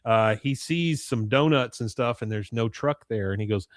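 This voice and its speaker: A man in casual conversation walks through an episode scene by scene, quoting the characters and laughing along. His voice sits at an ordinary middle pitch. The sound is dry and close, with no room around it. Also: normal speed, few pauses, no room sound. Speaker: podcast host recapping an episode. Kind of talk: casual chat.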